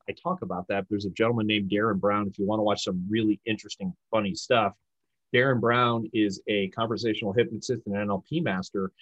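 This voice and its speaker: A man explaining communication techniques in an emphatic, animated coaching manner. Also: on the low side, no echo, muffled recording. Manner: emphatic, animated, acts out example lines. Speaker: sales communication guest expert.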